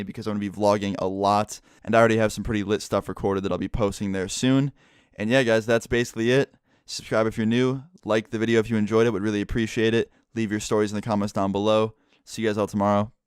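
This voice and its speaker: Young guy vlogger, lowish voice, chill swearing story time, says like a lot. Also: fairly even intonation, fast, clear, resonant tone. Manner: casual, profane, heavy on "like".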